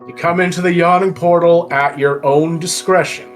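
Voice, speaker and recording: A woman narrating as game master in a relaxed, hesitant way with fillers. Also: on the low side, moderate pace, soft background music.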